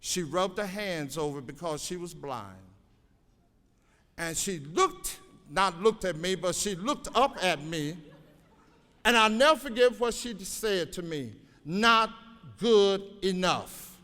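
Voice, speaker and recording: High-voiced older man telling stories in a hall. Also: lively intonation, a little slow, pushed and bright. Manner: folksy storytelling, exhorting the crowd. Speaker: graduation speaker and educator. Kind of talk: motivational graduation speech. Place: large auditorium. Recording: reverberant hall.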